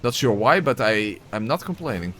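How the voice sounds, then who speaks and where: A man's voice: on the low side, big pitch swings, moderate pace, background noise. A man giving casual gameplay commentary and voice-over narration, exclamatory, swearing, with wry asides.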